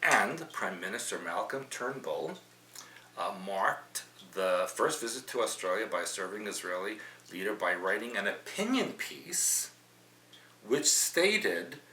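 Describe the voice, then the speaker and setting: A middle-aged podcast host chats through the news, reading quotes out loud and tossing in opinionated asides. His fairly low voice is sing-song, unhurried and sharp in tone, picked up by a slightly distant mic in a roomy space with a faint hum.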